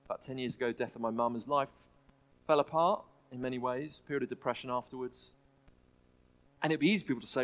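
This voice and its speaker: Earnest male preacher with halting restarts. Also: mid-range voice, expressive, rough recording. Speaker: pastor. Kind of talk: sermon. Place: church.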